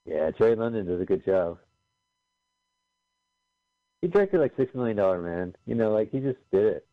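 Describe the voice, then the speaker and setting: Man, low voice, wisecracking, casual swearing, movie commentary, dry muffled lo-fi sound. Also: big pitch swings, moderate pace. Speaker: podcast co-host.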